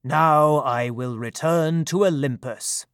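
A man's voice: fairly high pitch, slow, clear, resonant tone, no echo, clean studio sound. A man voicing a commanding king of the gods. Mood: proclaiming.

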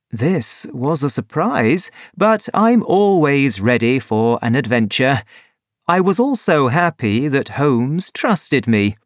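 A man reading a story aloud as narrator, clear and expressive. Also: mid-range voice, slow pace, dry recording, clean studio sound.

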